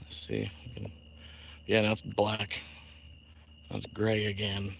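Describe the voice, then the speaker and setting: Man, casual livestream chat, bright voice, rambling and profane. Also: lowish voice, monotone, unhurried, gravelly, a little hiss or hum, poor audio. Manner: rambling, profane, laughs often. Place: outdoors at night.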